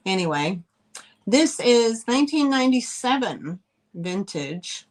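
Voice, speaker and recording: A woman's voice: mid-range voice, slow, long pauses. A middle-aged woman hosting a live online sale, chatting in a rambling, easygoing way and laughing easily as she shows items. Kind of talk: casual live-stream selling chat.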